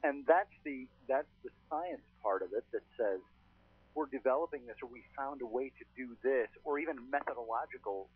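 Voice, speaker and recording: Male ghost-hunter guest, chatty storyteller, husky, dry phone sound. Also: medium pitch, normal speed, no echo. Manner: chatty, storytelling, frequent "uh" fillers. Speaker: paranormal investigator guest. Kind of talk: casual podcast chat. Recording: thin phone-line sound.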